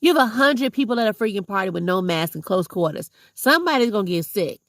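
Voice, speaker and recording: Gravelly, passionate woman vlogger. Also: mid-range voice, animated, fast, dry recording. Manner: passionate, preachy and blunt. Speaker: vlogger and substitute teacher. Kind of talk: heartfelt casual vlog monologue.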